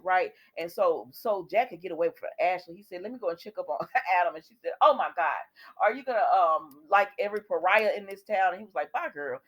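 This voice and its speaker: A woman recapping a soap opera episode for her viewers in a chatty way, retelling the scenes and quoting what the characters say. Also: mid-range voice. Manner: talks directly to viewers.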